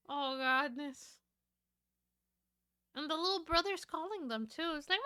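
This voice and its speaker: A woman's voice: high voice, unhurried, pauses often, pushed and bright. A woman streamer chatting casually on a livestream, gushing and cooing in baby talk at a cat video. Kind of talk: casual livestream reaction chat.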